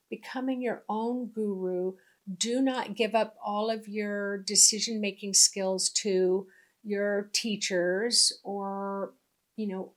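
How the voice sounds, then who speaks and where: A woman spiritual teacher talks through her lesson in an easy, conversational manner. She circles back and repeats key lines to drive them home. Her voice sits at a middle pitch. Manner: conversational, repeats points for emphasis. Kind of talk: casual spiritual teaching monologue.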